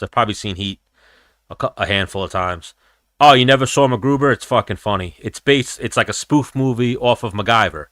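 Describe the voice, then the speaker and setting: A man's voice: mid-range voice, a bit bright, dry recording, studio quality. Rambling, profane young man chatting. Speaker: livestream host. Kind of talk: casual chat with live chat.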